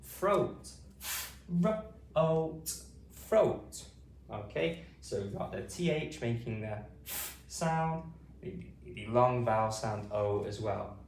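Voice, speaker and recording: Slow, lively British phonics teacher. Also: male voice, creaky, far from the mic, slight background noise. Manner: slow, drawn-out sounding-out of words with lively pitch. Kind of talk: slow, clear teaching to camera. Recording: roomy echo, voice off-mic, faint ambience.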